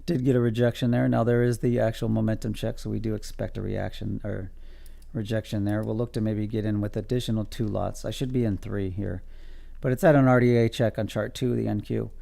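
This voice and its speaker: A man's voice: fairly low pitch, steady tone, fairly quick, creaky, warm tone. A man streaming his day trading live, calling out levels to viewers in a casual, joking, self-amused way.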